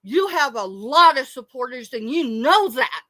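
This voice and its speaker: A woman's voice: high voice, very animated, unhurried, sharp tone, dry recording. A middle-aged woman, ranting angrily and tearfully on a late-night live stream. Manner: angry, tearful, confrontational.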